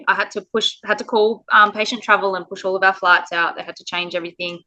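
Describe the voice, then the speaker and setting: A woman's voice: mid-range voice, flat delivery, normal speed, pushed and bright, poor audio. A woman from Australia, a parent telling her story in an interview, earnest and emotional with the odd laugh. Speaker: parent guest.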